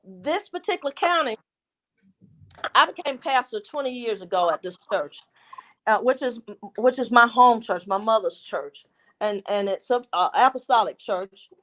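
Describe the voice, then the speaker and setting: A man's voice: very high-pitched, lively intonation, moderate pace, sharp tone. A pastor from Georgia, telling his story earnestly with some restarts. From Georgia, USA.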